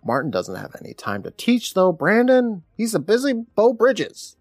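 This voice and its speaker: A man's voice: sits high, huge pitch swings, moderate pace, no echo, clean studio sound. A man co-hosting a podcast, recapping a TV episode in a casual, sarcastic, joking way. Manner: sarcastic, jokey storyteller. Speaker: podcast co-host.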